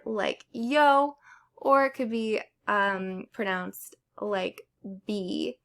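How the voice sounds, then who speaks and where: A woman's voice: a little high, fairly bright tone. A young woman teaching Spanish pronunciation in a casual lesson, explaining step by step with examples.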